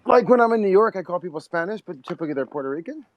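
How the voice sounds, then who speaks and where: A man's voice: sits high, animated, very fast, muffled recording, heavy background noise. A man hosting a casual podcast chat, rambling with lots of fillers. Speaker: podcast host.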